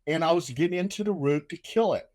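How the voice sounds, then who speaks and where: An older man with a somewhat high voice tells a story with lots of energy and puts real force into the lines he quotes. He is a relaxed host chatting casually. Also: fast. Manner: animated storyteller who shouts out quoted lines. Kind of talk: casual chat.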